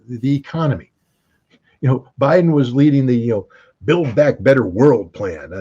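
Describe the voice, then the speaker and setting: An American man, serving as a guest commentator, offers sardonic interview commentary in a husky, mellow, mid-range voice. He speaks emphatically and leans on rhetorical questions. The recording sounds dull and lo-fi.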